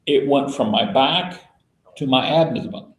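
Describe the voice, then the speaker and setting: A man's voice: medium pitch, a little slow. Folksy man leading an echoey Bible study. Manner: folksy storytelling, spells words out letter by letter. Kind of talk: casual teaching talk to a small group.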